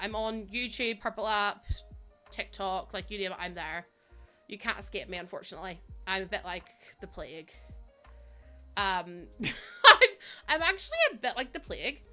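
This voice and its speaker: Bright, chatty woman streaming. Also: mid-range voice. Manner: chatty, giggly, addresses viewers as bestie. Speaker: game streamer. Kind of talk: casual live-stream chat.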